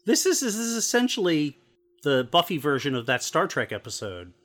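A man's voice: on the high side, sing-song, moderate pace, a bit bright. A man co-hosting a podcast, chatting about a TV show and often repeating words as he gets his sentences going. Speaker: podcast co-host. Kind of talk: casual discussion of a TV episode.

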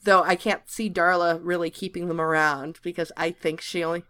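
Bright-voiced woman chatting, swears often. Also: on the low side, level tone, moderate pace, clean tone. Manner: laughing, swears freely. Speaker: podcast co-host. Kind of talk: casual chat.

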